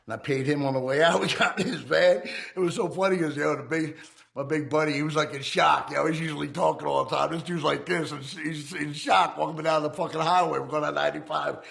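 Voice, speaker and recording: A man's voice: on the high side, fairly even intonation, fast talker, vocal fry, a bit bright. A man from the United States, a former outlaw biker, telling his story in a casual, profane, streetwise way and acting out the dialogue.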